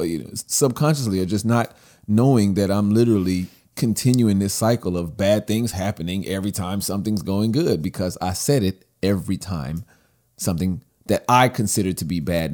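A young man co-hosting a podcast in casual chat, telling stories with animation and acting out what others said. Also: low-pitched. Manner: animated storyteller, acts out quoted lines. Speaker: podcast co-host.

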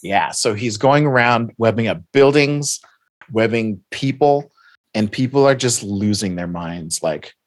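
A man in casual chat, retelling a comic story with lively acted-out dialogue. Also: on the low side, measured pace, no echo. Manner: animated retelling, reads captions aloud and acts out dialogue. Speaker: podcast co-host recapping comics.

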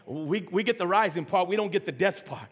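A man preaching a sermon as pastor, swinging from shouting to near whisper. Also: high-pitched, a little fast, breathy edge, in a large hall.

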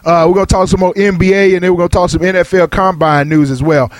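Sports radio host, man, high voice, dry close sound, loose and laughing. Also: fairly even intonation, quick pace, no echo. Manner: laughs often, loose and chatty. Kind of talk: casual sports talk.

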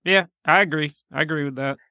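A man co-hosting a podcast in casual chat, teasing with dry deadpan humor. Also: a little high, brisk, smooth, dry recording. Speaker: podcast co-host.

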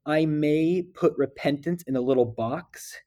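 A man speaking as a guest, earnestly and emotionally, with halting restarts as he reflects on scripture and tells a personal story. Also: a little high, dark tone. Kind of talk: heartfelt scripture discussion.

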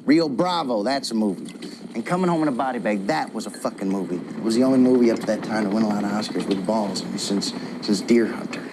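Guy playing a brash young movie buff, profane and swaggering, film clip with loud score. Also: lowish voice, quick pace, background noise, lightly acted. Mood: boastful.

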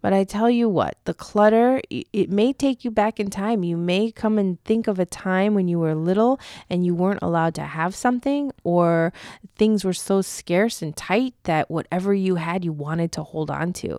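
A woman co-hosting a podcast, guiding listeners through a tapping session in a casual, expressive way and laughing often. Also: medium pitch, moderate pace, no room sound, clean studio sound. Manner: expressive, laughs often, acts out anxious self-talk. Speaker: podcast co-host and tapping practitioner. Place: studio.

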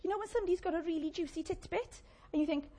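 A woman preaching a sermon, animated and conversational, with playful asides to the congregation. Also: very high voice, rapid-fire.

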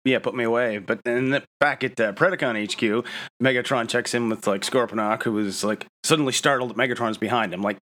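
A man co-hosting a casual podcast, animated and laughing often, acting out characters' lines in quick bits. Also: medium pitch. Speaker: podcast co-host. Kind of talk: casual chat.

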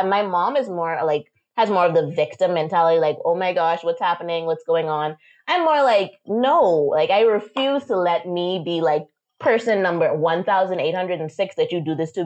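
A young woman from the Bahamas telling a personal story as an interview guest, animated and acting out quotes. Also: fairly low pitch, dull audio. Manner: animated, acts out quotes, frequent "like".

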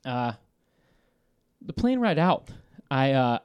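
A man calling in to a talk show, telling a story in a lively, laughing way, swearing and restarting his sentences. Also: medium pitch, takes it slowly, clean tone. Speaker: caller. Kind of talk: casual storytelling.

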